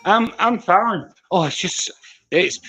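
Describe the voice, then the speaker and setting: High-voiced man teasing on a call. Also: takes it slowly, bright, forceful tone, husky, faint music behind. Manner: blunt, teasing, talks in banter. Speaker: guest calling in. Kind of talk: casual chat on a video call. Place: outdoor garden in a hot climate.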